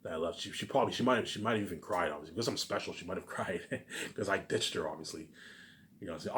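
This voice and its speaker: Low-pitched and fairly bright, a man brags at a quick pace in a rambling rant. He keeps repeating himself, ending nearly every sentence with filler like "obviously" or "you know what I'm saying."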